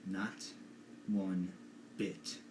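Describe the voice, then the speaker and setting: A young man doing an impression of a menacing male movie villain telling a dark story, in an echoey room. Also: low-pitched, little pitch movement, drawn-out words, a little hiss or hum.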